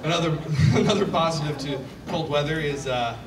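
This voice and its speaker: A man's voice: fairly high pitch, fairly quick. A young man from Michigan's Upper Peninsula doing a self-deprecating stand-up set, acting out quoted voices and yelping at his own punchlines. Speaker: stand-up comedian. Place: comedy club stage. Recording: echoey club from a distant mic with loud audience noise.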